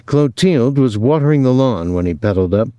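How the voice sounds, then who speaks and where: A man narrating a novel as an audiobook reader, in a measured, steady way. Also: mid-range voice, no echo. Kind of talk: scripted narration.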